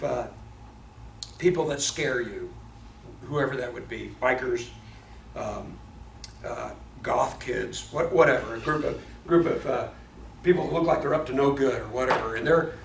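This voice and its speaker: A man teaching a Bible study in a casual, animated way, often restarting his words as he tells a story. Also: a little high, vocal fry. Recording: echoey room, mic at a distance, faint noise.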